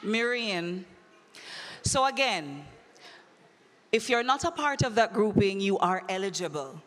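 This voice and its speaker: A woman hosts a conference quiz, brisk and teasing as she works the crowd. Her mid-pitched voice carries through a handheld mic. A long reverb from the large hall trails every phrase. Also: lively intonation, a bit bright. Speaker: conference emcee. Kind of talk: lively audience quiz hosting.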